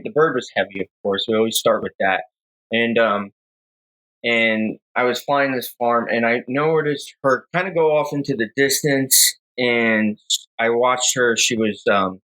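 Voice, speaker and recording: A man's voice: medium pitch, poor audio. A young man, a falconer, casually telling a story on a podcast with lots of fillers and restarts. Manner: rambling, relaxed storyteller with many fillers.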